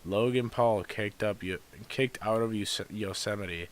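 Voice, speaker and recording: A young man co-hosting a podcast in casual chat, talking hesitantly with lots of fillers and a gravelly voice. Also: on the low side, a little slow. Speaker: podcast co-host. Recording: faint hiss.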